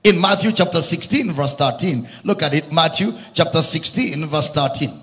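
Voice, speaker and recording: Male preacher, high and animated, sing-song emphatic sermon in an echoing hall. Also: normal speed. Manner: emphatic, repeats lines, rises into sung preaching cadence.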